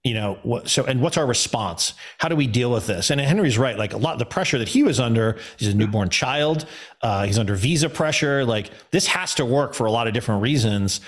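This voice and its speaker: A man's voice: mid-range voice, lively intonation, brisk. A middle-aged man and production company owner talking reflectively in a casual interview, laughing easily. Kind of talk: casual conversation.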